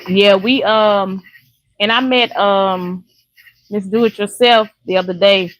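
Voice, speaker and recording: A woman's voice: mid-range voice, fairly even intonation, slow pace, dry recording, low-quality recording. An older woman from Louisiana, chatting casually and laughing often with viewers on a live stream. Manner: chatty, laughs often, warm folksy talk.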